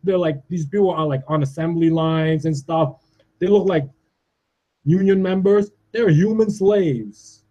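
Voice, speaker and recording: A man in his forties from Canada rants in an agitated, profane monologue, often tagging his points with "all right?". His voice sits a little high but sounds mellow and soft-edged. The recording is dull and lo-fi. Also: measured pace. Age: 40s. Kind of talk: ranting monologue.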